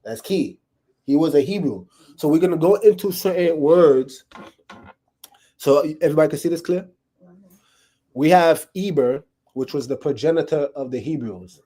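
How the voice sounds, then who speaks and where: This man's voice is on the high side, mellow and husky, expressive at a normal speed with long pauses. He's giving a conversational Bible teaching to a small live group in a room, casually checking in and asking "right?" again and again.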